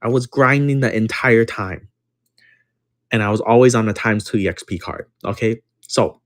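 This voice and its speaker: A man's voice: on the low side, animated, moderate pace. Brash, profane man streaming card breaks. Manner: brash, profane, repeats phrases for emphasis; counts down and calls out card numbers while telling a story. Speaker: card-breaking livestream host. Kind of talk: casual livestream storytelling.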